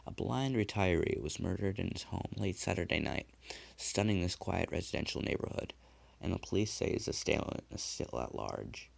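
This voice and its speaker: Horror narrator, male, very low and gravelly, measured hushed reading. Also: animated. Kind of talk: dramatic horror story reading.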